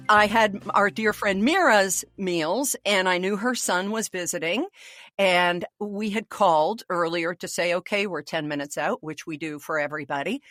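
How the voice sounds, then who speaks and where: A woman's voice: medium pitch, no room sound. Dry-miked older woman telling a story. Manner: animated storyteller, acts out voices. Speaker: podcast co-host. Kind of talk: casual chat, storytelling.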